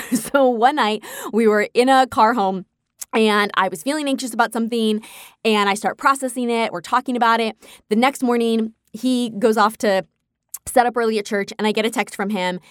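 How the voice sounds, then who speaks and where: A woman talking casually about her own life, candid and animated, often breaking into laughs as she acts out her own past reactions. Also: on the high side, a little fast, no echo, clean studio sound. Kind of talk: casual personal storytelling.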